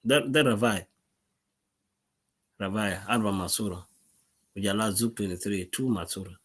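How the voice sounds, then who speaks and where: A man's voice: lowish voice, normal speed, a bit bright, breathy edge. A middle-aged man from South Sudan with a South Sudanese accent, speaking as a war veteran to his followers in a live social media monologue. He talks earnestly and emphatically, often repeating words and restarting his sentences.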